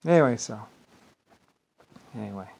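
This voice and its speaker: A man giving a rambling solo monologue to camera, grandiose and self-assured, looping back on himself and swinging between loud and quiet. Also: medium pitch, lively intonation, moderate pace, creaky, poor audio. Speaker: vlogger.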